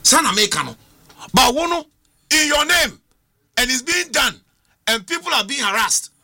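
A man's voice: very high-pitched, very animated, a little slow, bright, forceful tone. A man with a Ghanaian accent, a political commentator on a studio panel, arguing with rhetorical questions and switching between English and Twi.

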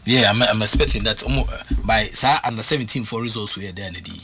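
A man's voice: on the low side, quick pace, sharp tone, slight background noise. A man talking football as a pundit, emphatic and full of restarts and repeated words. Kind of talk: animated radio sports talk.

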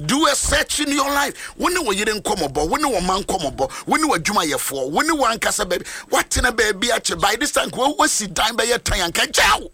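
A man with a Ghanaian accent preaching a sermon with passion, swinging between chanted lines and shouts. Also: high-pitched, big pitch swings, fairly quick, few pauses, breathy edge. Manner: impassioned, switching between Twi and English, sing-song shouting.

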